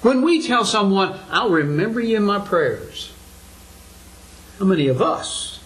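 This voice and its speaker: A man's voice: high voice, sing-song, a little slow, a bit bright, low-quality recording. An older man preaching a sermon to his congregation, earnest and full of rhetorical questions, his voice climbing for emphasis.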